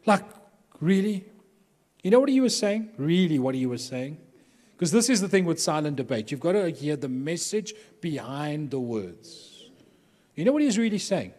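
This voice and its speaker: Animated storytelling man in echoing hall. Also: a little high, moderate pace. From Durban, South Africa. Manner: animated, humorous, acts out quoted people. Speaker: workshop speaker to pastors. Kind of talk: storytelling talk to a live audience. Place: large hall with an audience. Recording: long hall reverb.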